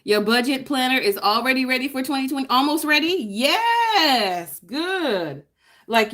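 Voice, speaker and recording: Woman host, casual live-stream chat over crafting, greets viewers by name, swoops high when excited. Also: measured pace. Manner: chatty, greets viewers by name, laughs often. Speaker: planner YouTuber hosting a live stream.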